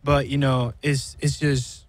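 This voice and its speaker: A man's voice: mid-range voice, level tone, takes it slowly, no room sound. A man co-hosting a podcast in casual chat, mostly agreeing and chiming in with short replies. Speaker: podcast co-host.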